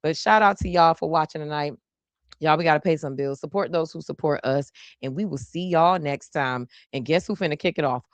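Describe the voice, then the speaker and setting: A woman's voice: low-pitched, brisk, no room sound. A woman hosting a live stream, chatting playfully and saying y'all constantly. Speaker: host of a live stream show. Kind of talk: casual live stream chat.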